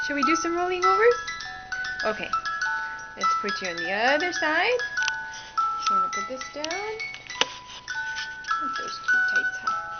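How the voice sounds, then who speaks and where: Woman parent, unhurried coaxing baby talk at home, loud music underneath. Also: sits high, muffled recording. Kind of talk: home video, talking to a baby. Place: home, by a crib.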